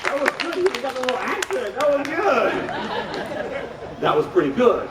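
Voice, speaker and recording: A man hosting a live comedy stage act, hyping the crowd in a showman's patter with deadpan asides. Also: extremely high pitch, normal speed, very noisy. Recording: roomy crowd-heard live recording from far off.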